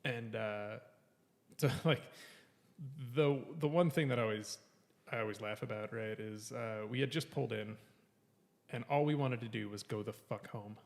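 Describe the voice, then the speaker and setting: A man's voice: medium pitch, moderate pace, vocal fry, in a large hall. A man telling a long story on a casual podcast, swearing often, laughing between lines and acting out what others said. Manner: profane, laughing, quotes people animatedly.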